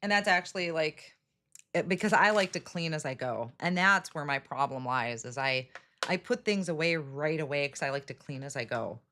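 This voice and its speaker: A woman's voice: deep voice, moderate pace, pushed and bright, a little hiss or hum. A chatty middle-aged woman hosting a live card-making demo, greeting viewers by name and laughing at her own slips. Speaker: craft livestream host. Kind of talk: casual live crafting demo.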